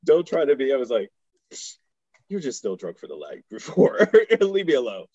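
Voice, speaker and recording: A man's voice: medium pitch, very animated, moderate pace, dark tone, no echo, lo-fi sound. A man from Houston telling stories in casual chat as a podcast guest, laughing often and acting out the voices of people he quotes. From Houston, Texas. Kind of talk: casual storytelling.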